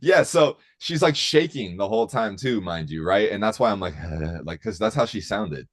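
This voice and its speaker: A man's voice: low-pitched, lively intonation, normal speed. A man telling a rambling, profane story in casual chat, full of fillers.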